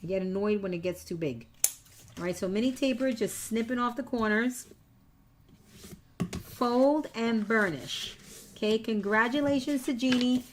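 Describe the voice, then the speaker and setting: A woman's voice: on the high side, moderate pace, long pauses, slight background noise. A woman hosting a live craft tutorial, chatty and teasing, repeating each step to her viewers. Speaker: papercraft tutorial host.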